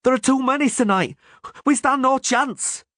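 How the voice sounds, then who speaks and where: A man's voice: very high voice, moderate pace, a bit bright, no echo, studio quality, voice pushed up. A man voicing frightened common soldiers who scream and moan in desperation. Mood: terrified. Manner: panicked screaming and moaning.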